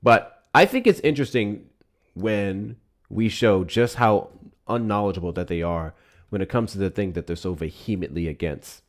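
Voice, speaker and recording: A man's voice: on the low side, normal speed. A man hosting a live political call-in stream, talking bluntly and heatedly.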